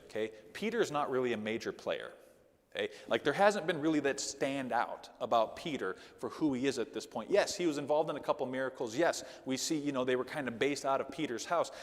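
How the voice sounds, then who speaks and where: A man leads a Sunday school lesson in a large church hall, his medium-pitched voice moving a little fast. The delivery is animated and conversational, sermon-like, with frequent "okay?" asides.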